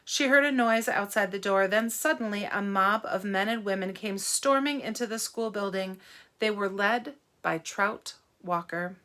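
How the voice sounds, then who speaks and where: A woman reads a novel aloud to children. She stops to ask them gentle, teacherly questions. Her voice is bright and clear. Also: mid-range voice, moderate pace. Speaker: read-aloud narrator for children.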